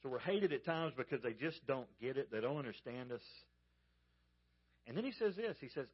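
A pastor from the American South with a Southern accent, preaching a sermon in a folksy storytelling manner and speaking straight to the congregation. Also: male voice, mid-range voice, lively intonation, moderate pace, slightly rough, muffled recording. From Georgia, US South.

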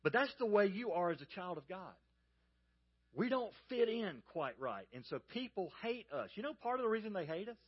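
A pastor from the American South with a Southern accent, preaching a sermon in a folksy storytelling manner and speaking straight to the congregation. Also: male voice, sits high, sing-song, normal speed, slightly rough, muffled recording. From Georgia, US South.

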